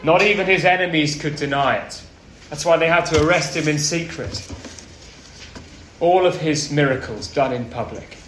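A man preaching a sermon, earnest and storytelling, often dropping his voice low and soft for emphasis. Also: normal speed, slight background noise. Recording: roomy with faint ambience.

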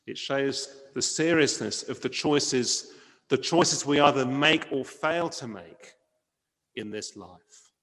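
A man's voice: medium pitch, slow, in a large hall. A man preaching a sermon in an earnest manner, asking rhetorical questions and leaning on key words. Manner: earnest, varies loudness for emphasis, rhetorical questions.

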